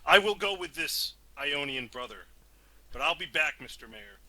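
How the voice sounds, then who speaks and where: A man's voice: fairly high pitch, big pitch swings, normal speed, sharp tone, no echo, exaggerated voice, low-quality recording. A man voicing a stubborn, earnest male traveler from overseas who insists on being heard. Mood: insistent.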